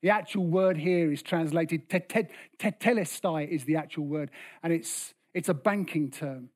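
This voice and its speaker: A man preaching a sermon with passion, rising to loud bursts and dropping to hushed lines. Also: fairly high pitch, normal speed. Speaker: pastor.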